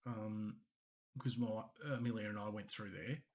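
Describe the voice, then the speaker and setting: A man with an Australian accent co-hosts a podcast, chatting casually in a lowish voice with fairly even intonation and an unhurried pace. He tells rambling stories and laughs often.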